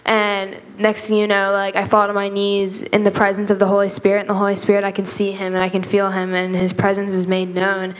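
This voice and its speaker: A woman's voice: medium pitch, monotone, a little fast, hardly any pauses. A teenage girl giving a rambling, earnest testimony at church, with lots of fillers. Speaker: youth group member. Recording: long hall reverb.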